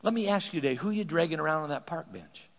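A man preaching a sermon as pastor, animated and quick to repeat words as he starts a thought. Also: on the high side, creaky. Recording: long hall reverb.

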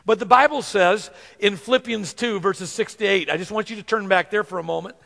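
High-voiced preacher with gravelly edge. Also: male voice, fairly bright tone. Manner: earnest, slows down to stress scripture. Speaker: pastor. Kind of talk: sermon. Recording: long hall reverb.

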